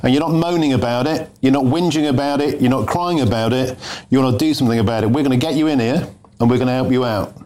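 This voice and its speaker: A man's voice: mid-range voice, fast, darkish tone. A middle-aged man hosting a radio talk show, emphatic and repeating himself, calling his guest mate. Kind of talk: call-in radio chat.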